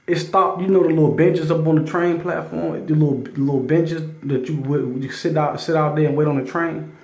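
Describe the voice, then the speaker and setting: A man telling a spiritual testimony in casual talk, stammering through restarts and breaking into loud scripture readings. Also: a little high, fairly even intonation, fairly quick. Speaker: testimony storyteller. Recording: roomy echo.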